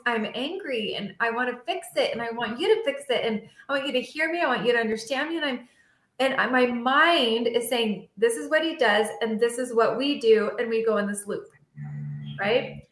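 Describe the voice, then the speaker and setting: A woman hosts an interview and tells animated stories, slipping into the voices of the people in them. Her voice sits a little high. The room around her is echoey. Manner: animated storyteller acting out dialogue. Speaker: podcast host. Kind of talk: casual interview chat.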